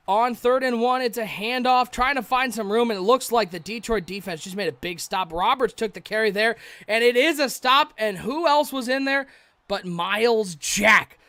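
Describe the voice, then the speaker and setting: The recording has no room sound, just a high-voiced man calling a video game football stream live. Between plays he chats with viewers, and big plays bring out his excitable side.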